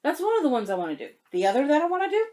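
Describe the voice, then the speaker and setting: A young woman vlogging about cross-stitch, telling a story in a chatty, animated way and getting emotional. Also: high voice, rapid-fire. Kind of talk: casual chat to camera.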